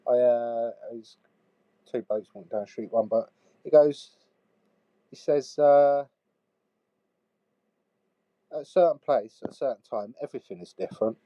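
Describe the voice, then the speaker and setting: A man doing comic voicemail monologues. He swears a lot and swings from shouting to hushed sighs. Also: medium pitch, measured pace, long pauses, no echo, lo-fi sound. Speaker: comedy podcaster.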